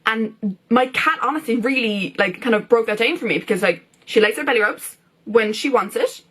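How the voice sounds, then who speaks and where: A woman's voice: normal speed, fairly bright tone, breathy edge. Chatty young woman vlogging. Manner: chatty, filler-heavy, acts out quotes with big pitch jumps. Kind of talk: casual chat to camera.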